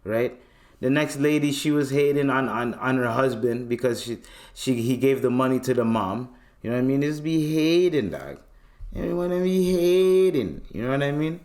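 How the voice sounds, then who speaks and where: A man's voice: mid-range voice, a little fast. A young man from Canada hosting a casual solo podcast, talking in loose slang and acting out little scenes as he goes. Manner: loose, slangy and animated, acts out voices in bits. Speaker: podcast host.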